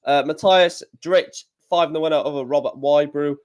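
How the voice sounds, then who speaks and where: Male streamer, slightly raised pitch, casual rambling score updates. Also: normal speed. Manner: chatty, reads out scores and chat, many fillers. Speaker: live stream host. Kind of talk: casual live-stream commentary.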